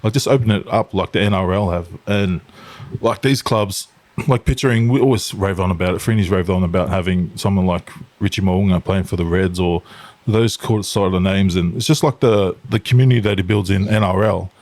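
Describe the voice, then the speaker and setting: Easygoing podcast host. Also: male voice, low-pitched, a little fast, a little mellow, no room sound. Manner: easygoing, laughs often. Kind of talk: casual podcast interview.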